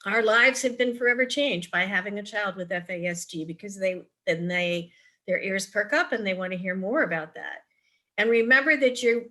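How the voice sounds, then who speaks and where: On a video call, a middle-aged woman who advocates for parents gives advice through chatty anecdotes in a virtual forum. Her medium-pitched voice is bright and forceful, and she often says "um" and restarts her sentences.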